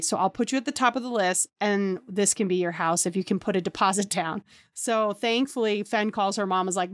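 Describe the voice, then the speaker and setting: A woman's voice: medium pitch, dry recording. Chatty woman telling stories, dry sound. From New York area. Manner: chatty, acts out quoted dialogue with lots of "like". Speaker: podcast host. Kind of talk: casual storytelling.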